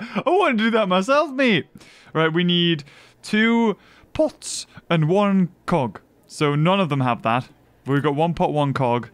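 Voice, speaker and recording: A young man giving chatty, excitable gameplay commentary and thinking aloud as he plays. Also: on the high side. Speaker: gaming video host.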